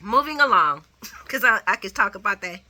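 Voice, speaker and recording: Animated recap host, a woman, opinionated and chatty, bright voice that laughs often. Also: mid-range voice, moderate pace. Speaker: soap opera recap vlogger. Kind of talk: casual spoken recap.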